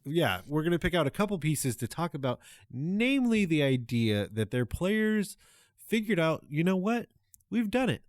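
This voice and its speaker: An upbeat male podcast host introducing a mail segment. His voice sits a little high with a lively pitch, and it sounds close and dry. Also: normal speed, no room sound.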